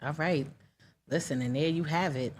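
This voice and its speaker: A woman's voice: low voice, moderate pace, slight background noise. A woman hosting a casual interview podcast, talking loosely with a slight lisp, laughing and stumbling over her words now and then. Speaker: podcast host.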